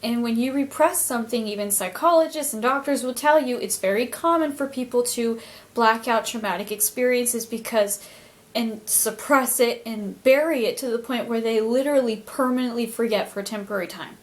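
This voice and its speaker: A woman's voice: a little high, moderate pace. A woman vlogger telling a personal story in an earnest, emotional way, faltering and restarting often.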